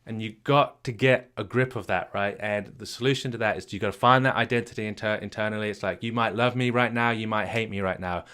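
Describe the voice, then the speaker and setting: A man's voice: fairly even intonation, fast talker, hardly any pauses, pushed and bright. A man working as a marriage coach, giving an emphatic retreat workshop talk that repeats key phrases and asks rhetorical questions. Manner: acts out low and upbeat voices to make points.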